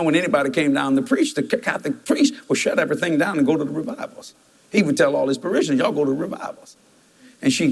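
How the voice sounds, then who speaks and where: A man's voice: a little high, vocal fry, slightly rough. A man, preaching a storytelling sermon and jumping into quoted voices with laughter.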